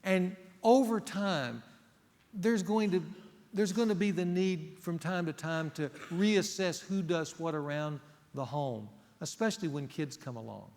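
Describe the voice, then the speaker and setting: A man's voice: a little high, measured pace, darkish tone. A middle-aged male pastor preaching a sermon, earnest and emphatic, putting rhetorical questions to the congregation. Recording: long hall reverb.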